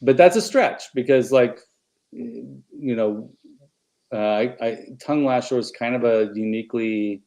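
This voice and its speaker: A man's voice: medium pitch, unhurried, creaky. A man co-hosting a casual podcast chat, reading out viewer comments and trading ideas. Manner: animated, reads out chat comments. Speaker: podcast co-host.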